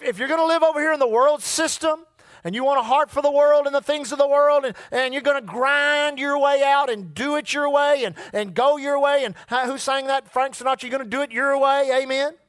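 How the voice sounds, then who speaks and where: A middle-aged preacher delivers a folksy sermon, repeating himself and calling on the congregation to answer. His voice sits very high for a man. The sound is dry and close, with no room echo. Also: a bit bright.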